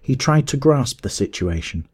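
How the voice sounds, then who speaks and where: A man narrating a classic adventure story in a measured, steady audiobook reading. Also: mid-range voice, breathy edge.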